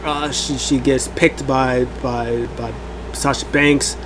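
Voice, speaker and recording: A man's voice: mid-range voice, slow, background noise. A man casually recapping a wrestling event as host of a review show, rambling with many fillers and acting out what people said. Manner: rambling, animated, many fillers, acts out quotes.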